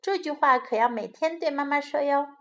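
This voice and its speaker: A woman narrating a bilingual children's story and teaching English words, gentle and teacherly. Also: high-pitched, muffled recording. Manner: slow, careful, gentle, teacherly.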